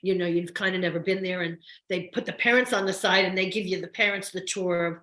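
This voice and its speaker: Older actress guest, chatty and effusive, low-ish voice, roomy sound. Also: female voice, fairly even intonation, fast, a bit bright. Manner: chatty, effusive, frequent restarts. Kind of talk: casual interview chat. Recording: roomy echo.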